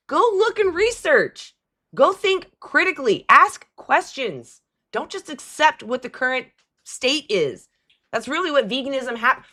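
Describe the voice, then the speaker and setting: A woman's voice: sits high, bright, forceful tone. A woman hosting a live call-in stream, talking bluntly and mockingly to callers. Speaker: livestream host taking callers.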